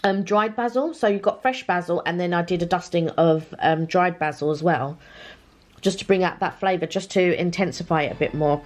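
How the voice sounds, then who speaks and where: A woman's voice: on the low side, fairly quick. A woman chatting casually at home while eating and showing off afternoon tea. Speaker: vlog co-host. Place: home dining room.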